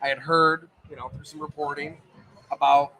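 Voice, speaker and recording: Male sports writer guest, slightly high pitch, rambling anecdotes, casual live chat. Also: flat delivery, moderate pace, creaky, bright, forceful tone, low-quality recording. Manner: chatty, tells stories with asides. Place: pizza bar.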